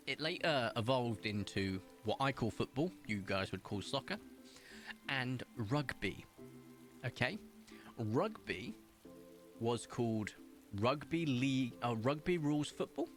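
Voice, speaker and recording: A British man streaming a game, chatting casually with viewers, reading chat aloud and laughing often. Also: mid-range voice. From Britain. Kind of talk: casual live-stream chat while gaming.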